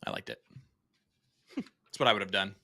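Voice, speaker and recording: A male darts commentator with a bright, forceful voice, calling the action live. He keeps up a loose, joking patter and teases his co-host between legs. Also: on the low side, wildly swooping pitch, moderate pace, creaky. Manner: jokey, teasing banter.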